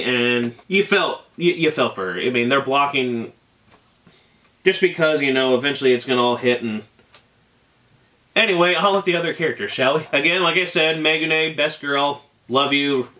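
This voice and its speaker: A man's voice: fairly high pitch, moderate pace, sharp tone. A young man reviewing an anime in a casual, emotional, rambling way, full of fillers and exclamations.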